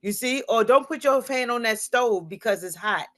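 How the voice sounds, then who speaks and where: A woman speaking as a guest in a casual panel talk, animated and acting out everyday exchanges. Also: fairly high pitch, normal speed. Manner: animated, acts out everyday quotes, asks "you see?".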